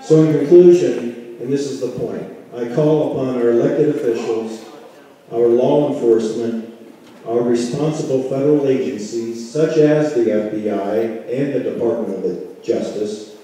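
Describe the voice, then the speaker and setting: A man with a very dark, mellow voice reads a prepared statement at a measured, deliberate pace. He is heard from far off in a big echoing hall. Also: mid-range voice. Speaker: local resident speaking at a community meeting. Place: large community meeting hall. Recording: echoey hall recorded from far off.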